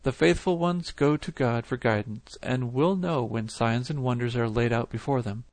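Steady and measured, a mid-pitched male narrator reads a scripted account of a religious vision. The sound is dry, with no echo.

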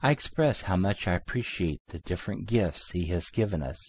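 A man narrating a dream account in a deliberate, solemn reading. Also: sits low, expressive, a little mellow, slightly rough, no echo. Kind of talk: scripted narration.

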